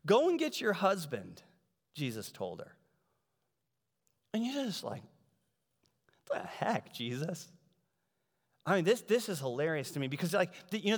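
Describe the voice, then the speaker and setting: A man preaching a sermon in a conversational, animated way, acting out the voices of the people in the story. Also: sits high. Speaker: pastor. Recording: large hall reverb.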